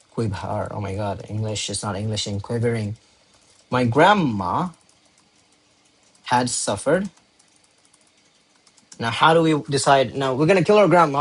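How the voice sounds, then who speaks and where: A man teaching essay writing, thinking aloud and repeating key words as he types out examples. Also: mid-range voice. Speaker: English teacher. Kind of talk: explaining essay writing to students.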